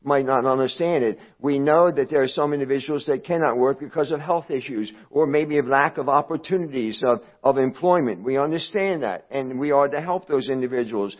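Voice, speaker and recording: A man's voice: medium pitch, a little fast, hardly any pauses, highs cut off. A man as pastor preaching a plain, practical sermon, leaning on repetition for emphasis and dropping frequent fillers.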